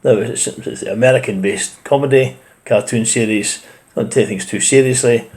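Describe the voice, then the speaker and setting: A Scottish man speaks in a medium-pitched voice, reacting to a video. His commentary is casual, blunt and opinionated, and he swears mildly now and then. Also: moderate pace, darkish tone. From Scotland.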